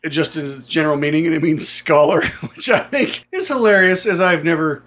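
A man's voice: fairly high pitch, fairly quick, a bit bright. A man in a casual podcast chat, playful and teasing, poking fun at himself. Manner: playful, teasing, self-mocking.

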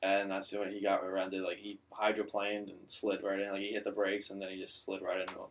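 A man's voice: low voice, completely flat delivery, a little fast, distant mic, slight background noise. A young man in casual podcast chat, telling a rambling story full of filler words.

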